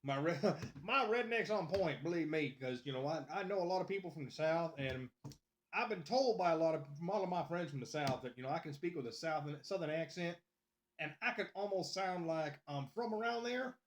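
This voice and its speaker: A man's voice: a little high, animated, brisk, a little hiss or hum. A man casually chatting on a live stream, playfully greeting his viewers by name. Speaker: livestreamer.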